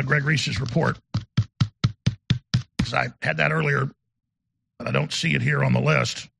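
Gravelly high-voiced man ranting. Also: fairly bright tone, slight background noise. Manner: emphatic, rambling, repeats words. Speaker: show host. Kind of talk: talk radio monologue.

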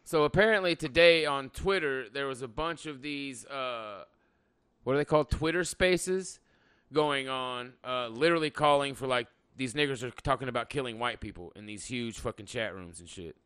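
A man's voice: mid-range voice, moderate pace, fairly bright tone, smooth. A man hosting a podcast in casual chat, talking in a blunt, profane and rambling way. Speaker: podcast host; electrician by trade.

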